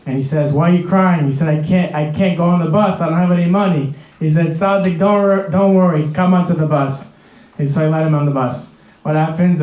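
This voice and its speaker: Halting emcee in an echoey hall. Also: male voice, a little high, mellow. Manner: halting, many fillers and restarts. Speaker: event emcee. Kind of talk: event announcements.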